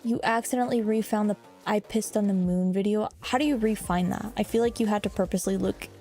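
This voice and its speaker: An excitable young woman streaming, chatting casually with her audience at a middling pitch. She swears freely and teases chat, with faint music playing underneath. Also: fast talker.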